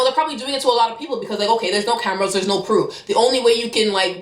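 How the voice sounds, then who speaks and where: A young woman from Canada rattles off a story in a quick, animated storytime vlog. Her pitch sits in a middle range as she acts out heated quoted exchanges. The room leaves a noticeable echo around her voice. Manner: fast, animated retelling with heated quoted dialogue. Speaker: vlogger. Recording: roomy echo.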